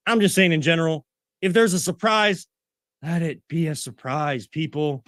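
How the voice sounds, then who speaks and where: A man's voice: a little high, lively intonation, moderate pace, fairly bright tone, no room sound, studio quality. A man co-hosting a sports talk show, ranting and getting worked up as he makes his point. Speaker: co-host.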